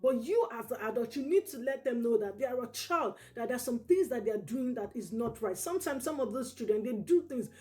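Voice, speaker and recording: A woman's voice: fairly high pitch, expressive, a little fast, hardly any pauses, mellow. A woman giving parenting advice straight to camera, earnest and repetitive, checking in with her listeners by saying "okay?" again and again. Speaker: parenting educator.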